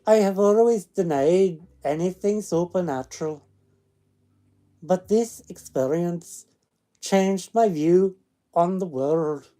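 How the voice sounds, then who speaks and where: A man reading a ghost story aloud in a put-on Scottish accent, loud, halting and exaggerated. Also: high voice, pitched above the performer's own voice.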